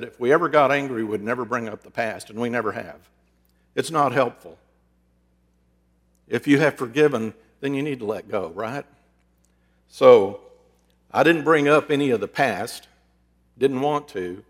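A middle-aged male preacher who also counsels people speaks in a plain, mid-range voice, sharing personal stories as a sermon. His delivery is earnest and conversational, swinging between hushed and loud moments. A long reverb trails his words, as in a big hall. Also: mid-range voice. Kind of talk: storytelling sermon.

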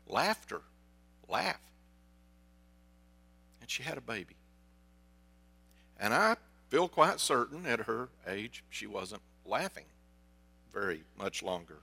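A male pastor delivers a sermon in a relaxed, storytelling way, turning often to ask his listeners questions. His voice sits a little high and sounds bright and forward. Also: slow pace, long pauses. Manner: conversational storytelling, asks the congregation questions.

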